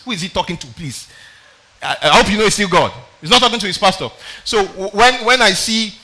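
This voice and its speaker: A man's voice: high-pitched, brisk, bright, forceful tone. A man preaching a sermon, reading scripture aloud with dramatic emphasis and calling out for the next verse. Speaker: pastor.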